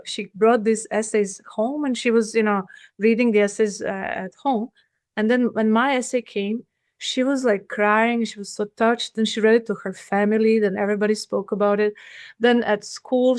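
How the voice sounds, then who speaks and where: A middle-aged woman, a podcast guest, telling a personal story in an earnest, halting way with many fillers and restarts. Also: medium pitch, a little mellow, dry recording, studio quality.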